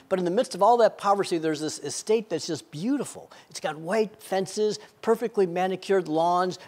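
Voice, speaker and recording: A man preaching a sermon, telling an illustration with frequent stammered repeats. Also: high-pitched. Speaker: pastor.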